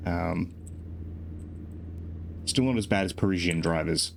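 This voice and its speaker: A man's voice: sits low, measured pace, gravelly, long pauses, slight background noise. A sleep-deprived man streaming a driving game, rambling casually with self-deprecating jokes. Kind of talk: casual gameplay commentary.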